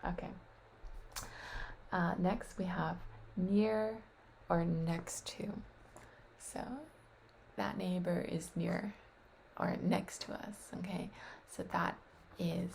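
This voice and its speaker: A woman on a webcam practicing vocabulary aloud, tentative and thinking out loud as she sounds out words. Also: on the low side, fairly even intonation, slow pace, creaky, long pauses, a little hiss or hum. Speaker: language learner practicing vocabulary. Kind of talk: casual solo practice on webcam. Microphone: webcam microphone.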